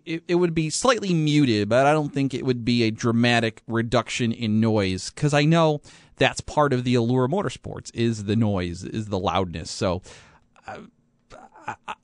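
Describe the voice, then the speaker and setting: A man's voice: medium pitch, no echo, studio quality. A man hosting a sports radio show, chatting casually with many fillers and restarts.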